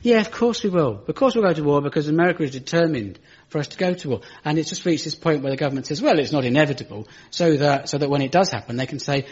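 A young British man doing stand-up storytelling on stage, dry and ironic, rising into high exasperated rants. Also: fast talker, hardly any pauses, darkish tone, husky. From Britain. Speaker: comedian. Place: stage before a live audience. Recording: muffled live stage recording with audience.

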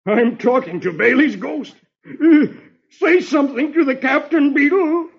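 A man voicing a jittery, excitable middle-aged army sergeant in a raspy, panicky voice, read aloud from a comic strip on an old radio broadcast. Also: on the high side, normal speed, echoey room, highs cut off, heavily acted. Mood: frightened. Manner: panicky, exclaiming.

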